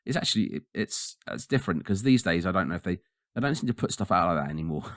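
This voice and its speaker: A man with a very low, gravelly voice talks in a casual podcast chat, animated and ranting, laughing as he goes. The sound is dry and close, with no room around it. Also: fast, no echo. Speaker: podcast co-host.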